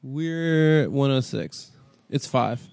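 A man who is a comedian and podcast co-host, talking in low-key, dry casual banter. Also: very slow, vocal fry, a little mellow, smooth, no echo.

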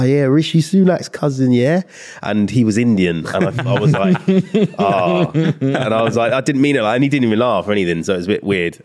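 A man's voice: lowish voice, a little mellow. A young man co-hosting a podcast, rambling through stories and laughing often. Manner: rambling storyteller, laughs a lot. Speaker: podcast co-host. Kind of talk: casual chat.

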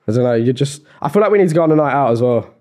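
Lively, mellow-voiced young host. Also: male voice, medium pitch, rapid-fire. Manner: loose, tangent-prone banter. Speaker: podcast host. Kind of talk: casual podcast chat.

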